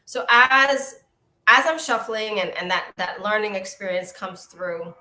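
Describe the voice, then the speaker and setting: A woman's voice: medium pitch, a little slow, pushed and bright, reverberant. A woman giving a live oracle card reading, musing aloud with fillers and restarts.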